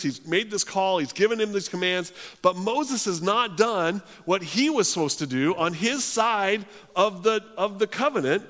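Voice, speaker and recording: A man's voice: high voice, a bit bright. A male pastor preaching a sermon in earnest, often restarting his phrases. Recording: long hall reverb.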